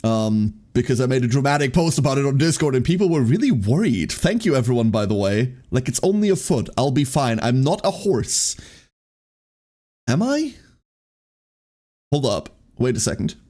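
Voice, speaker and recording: A man's voice: medium pitch, very animated, fairly quick, hardly any pauses, mellow. A man streaming live, chatting casually with his chat, rambling and often breaking into laughter.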